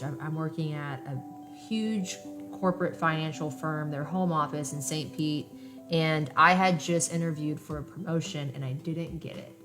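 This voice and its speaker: A young woman in her late twenties hosting a candid podcast conversation, telling stories bluntly with plenty of swearing. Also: deep voice. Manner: blunt, profanity-laced storytelling. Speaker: podcast host.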